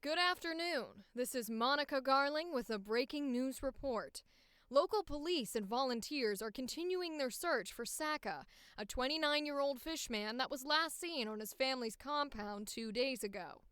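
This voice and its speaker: A woman voicing a professional, upbeat female news reporter in an audition read, enunciating crisply like a typical newscaster. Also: high-pitched, expressive, moderate pace, a bit bright, no echo, studio quality.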